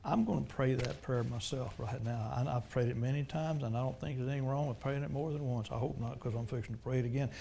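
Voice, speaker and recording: A man preaching a sermon and leading a prayer, swinging from loud urgent preaching to hushed pleading. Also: mid-range voice, steady tone, fast, gravelly, hardly any pauses, slight background noise.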